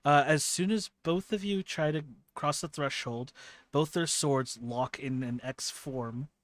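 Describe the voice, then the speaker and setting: A man's voice: a little high, unhurried, dry recording. A man running a tabletop role-playing game, describing the scene in detail with many fillers and restarts. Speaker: game master.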